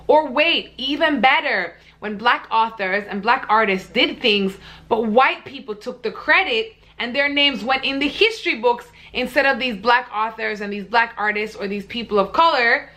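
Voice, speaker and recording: A woman's voice: on the high side, normal speed, pushed and bright. A young woman vlogger ranting to camera in a blunt, heated, profane way. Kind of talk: casual vlog rant.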